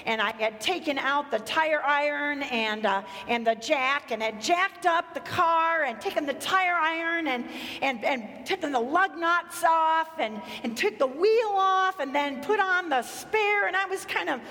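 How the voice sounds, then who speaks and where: A woman's voice: sits high, a little slow, bright, forceful tone. A woman pastor preaching a sermon in a conversational, storytelling way. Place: church sanctuary. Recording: echoey church hall.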